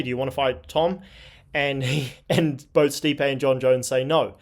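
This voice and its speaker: A man hosting a sports commentary channel, talking in an indignant, scornful tone. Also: medium pitch. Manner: indignant, scornful, reads tweets aloud. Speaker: MMA commentary channel host. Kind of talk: opinionated commentary.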